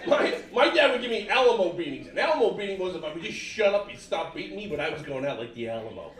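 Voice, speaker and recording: High-voiced middle-aged male comedian on stage. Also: big pitch swings, fast talker, a bit bright. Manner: punchy, exaggerated voices for quoted family. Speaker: stand-up comedian. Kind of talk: stand-up comedy set. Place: comedy club stage with live audience. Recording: roomy club sound from a distance, audience laughter.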